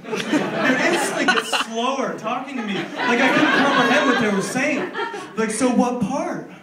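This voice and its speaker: A young American man performing a rambling, animated stand-up set, acting out voices in his stories. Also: very high voice, moderate pace, a loud crowd. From United States. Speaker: stand-up comedian. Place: comedy club stage. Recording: roomy, distant live club recording with noise. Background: audience laughter.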